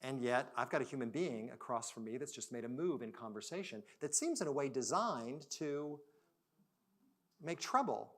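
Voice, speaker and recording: A man giving a conversational storytelling talk at a business culture summit, shifting between quiet and loud moments. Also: medium pitch, animated, moderate pace. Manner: conversational, dramatic swings between soft and loud. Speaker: conference speaker.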